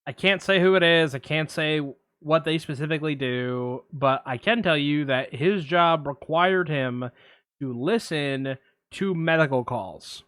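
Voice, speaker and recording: A man co-hosting a podcast, telling a story in a casual, animated way with lots of fillers. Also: fairly high pitch, unhurried, clear, resonant tone, no echo, clean studio sound. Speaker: podcast co-host. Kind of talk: casual chat.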